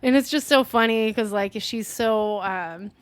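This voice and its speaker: A woman's voice: on the high side, unhurried, dry recording. A woman co-hosting a casual movie review, rambling through a plot recap with lots of swearing and fillers. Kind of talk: casual chat recapping a film.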